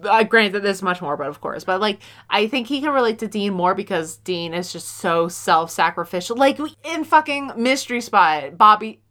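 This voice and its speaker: A woman in casual chat recapping a TV episode, animated and swearing casually, acting out the characters' lines. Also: medium pitch, normal speed, hardly any pauses.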